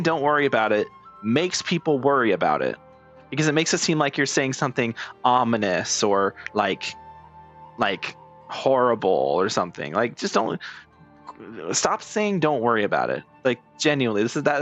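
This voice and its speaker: A young man casually commenting on a video game while he plays, rambling and laughing. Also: mid-range voice. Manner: rambling, giggly, lively. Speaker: gaming streamer.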